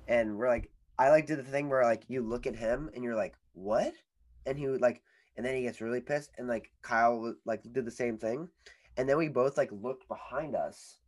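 A man's voice: mid-range voice, normal speed. A young man co-hosting a casual podcast, telling stories in a rambling way full of "like". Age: young adult. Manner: rambling storyteller, heavy use of "like". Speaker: podcast co-host. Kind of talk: casual chat.

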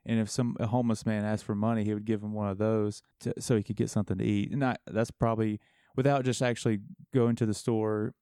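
Male co-host, lowish voice, hesitant musing, smooth and dry. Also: level tone, quick pace, warm tone, no echo. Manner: hesitant, thinking aloud. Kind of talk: casual chat.

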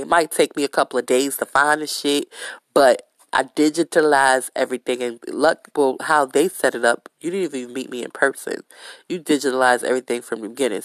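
A woman hosting a podcast, telling a story in a casual, blunt way with heavy swearing and lively retelling. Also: a bass voice, dry recording. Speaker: podcast host.

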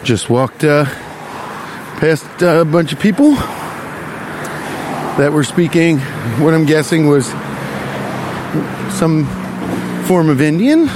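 Young man, rambling crude storytelling, walking outdoors, slightly high voice, faint traffic. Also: expressive, takes it slowly, long pauses. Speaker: vlogger. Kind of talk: casual comedic storytelling while walking.

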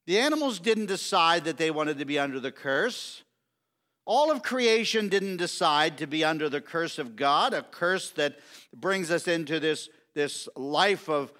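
A middle-aged man preaching a sermon, emphatic and repetitive, stretching key words slowly. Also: sits high, sharp tone. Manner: emphatic, repetitive preaching with slow drawn-out stresses. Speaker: pastor.

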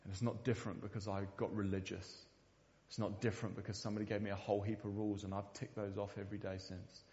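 A man's voice: on the low side, little pitch movement, fast, darkish tone, big-room sound, highs cut off. A man preaching a sermon in a church, speaking earnestly and often repeating the first word of a sentence. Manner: earnest, repeats words when starting sentences. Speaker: pastor.

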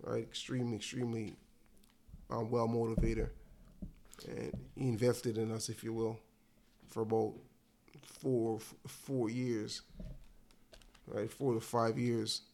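A man, a basketball coach, talking in a measured, reflective way with dry humor. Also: medium pitch, flat delivery, vocal fry, darkish tone, a little hiss or hum. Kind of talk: casual conversation.

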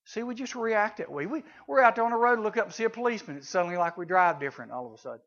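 High, bright man telling stories. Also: lively intonation, very fast. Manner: storytelling with sound effects and voices. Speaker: camp speaker. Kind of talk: folksy teaching talk to youth. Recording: dull lo-fi recording.

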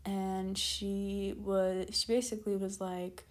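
A woman's voice: mid-range voice, steady tone, measured pace. A woman telling a storytime vlog in a casual, rambling way, full of "like" and "keep in mind" asides, stopping to backtrack when she loses her thread. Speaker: storytime vlogger.

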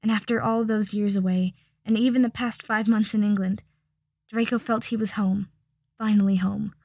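Woman narrator, soft and gravelly, close dry mic, audiobook. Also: mid-range voice, fairly even intonation, moderate pace, no room sound. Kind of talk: audiobook reading.

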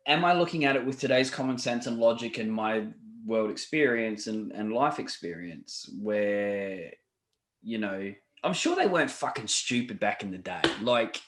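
A man's voice: on the low side, lively intonation, moderate pace, a bit bright. A man co-hosting a casual podcast, rambling and swearing with lots of fillers and restarts. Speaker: podcast co-host. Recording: roomy echo.

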